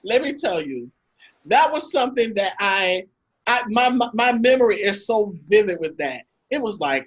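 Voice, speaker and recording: A woman hosting a talk over a video call, telling lively anecdotes and acting out the people in them. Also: mid-range voice, normal speed, breathy edge, rough recording. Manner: animated anecdotes, acts out quotes with laughs. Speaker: host. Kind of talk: casual storytelling talk.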